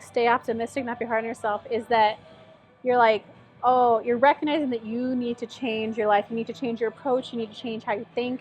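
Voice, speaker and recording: A tarot reader who lives in Tennessee gives a casual reading, chatty and encouraging, peppered with "like" and "um." Her voice sits a little high and has a slightly mellow quality.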